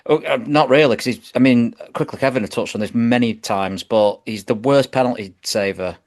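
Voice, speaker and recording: A man's voice: mid-range voice, a little fast. A British man co-hosting a podcast, telling football stories in an enthusiastic, rambling way. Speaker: podcast co-host. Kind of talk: casual chat.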